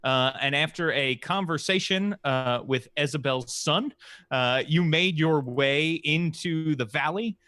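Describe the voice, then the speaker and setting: Slow, halting game master, man. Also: fairly high pitch, a bit bright, no echo. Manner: halting, many "uh" fillers. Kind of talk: recapping and narrating a tabletop game.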